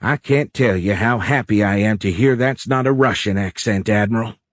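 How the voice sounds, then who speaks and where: A man's voice: lowish voice, moderate pace, dry recording, studio quality, close to an everyday voice. A male narrator voicing a blunt older American president with a nasal Midwestern accent and a brash, folksy, plain-spoken manner. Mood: brusque, jovial.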